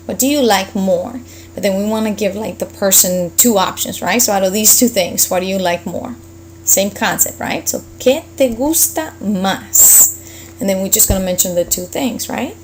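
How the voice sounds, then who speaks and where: A woman teaching a Spanish lesson, explaining grammar patiently step by step and slowing down for each example phrase. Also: mid-range voice, a little hiss or hum, rough recording.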